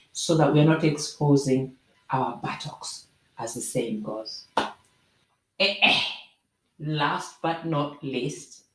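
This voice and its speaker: Woman host, unhurried, lively and sermon-like, roomy echo. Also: a bass voice. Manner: animated, preachy, with jokey asides. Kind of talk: explaining proverbs to camera.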